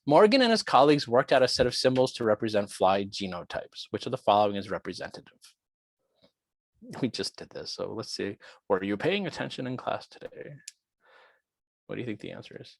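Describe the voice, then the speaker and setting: Gravelly low-voiced man teaching online. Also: big pitch swings, brisk, no room sound. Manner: chatty, thinks aloud. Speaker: biology lecturer. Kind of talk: online lecture working through quiz questions.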